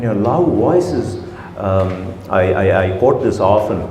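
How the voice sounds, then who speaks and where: A man's voice: fairly low pitch, measured pace, slight background noise. Man preaching in echoey hall. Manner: rhetorical, repeated questions, drops to soft tones. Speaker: speaker at a community iftar gathering. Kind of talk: religious talk to a gathering. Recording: echoey hall with faint ambience.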